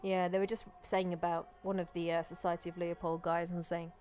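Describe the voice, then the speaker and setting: A woman's voice: lowish voice, flat delivery, fairly quick, darkish tone, faint music behind. Wry woman streaming a game. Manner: chatty, wry, swears and laughs at the game. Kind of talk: live gameplay commentary.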